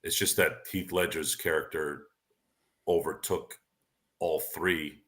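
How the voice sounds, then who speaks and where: A man's voice: very deep voice, steady tone, slow pace, a bit bright. A man hosting a casual chat, talking in an opinionated, rambling way with frequent restarts. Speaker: podcast host. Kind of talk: casual sports and movie chat.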